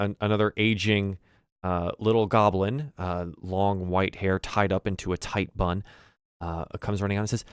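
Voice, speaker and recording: A man narrating a tabletop game as game master, halting and repeating words as he describes scenes. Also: deep voice, clear, resonant tone, dry recording, studio quality. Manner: halting, many fillers and restarts.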